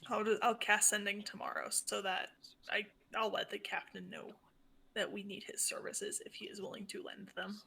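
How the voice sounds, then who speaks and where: A woman with a husky yet bright, gravelly voice, talking through plans at a game table. She restarts her sentences as she goes. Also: medium pitch, level tone, normal speed. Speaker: player. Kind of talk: casual tabletop game chat.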